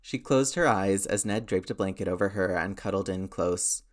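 A man narrating a story aloud in a steady storytelling manner. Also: sits low, moderate pace. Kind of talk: audiobook narration of fan fiction.

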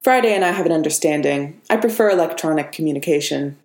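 A woman's voice: deep voice, animated, darkish tone. A woman doing a sarcastic, brash middle-aged inventor. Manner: sarcastic, quick, dismissive. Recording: echoey room.

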